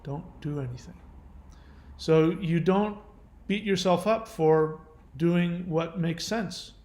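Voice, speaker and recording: Gentle man with a higher voice. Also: slow, echoey room. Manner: gentle, reassuring, speaks directly to the viewer. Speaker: channel host answering viewer questions. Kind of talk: casual advice talk.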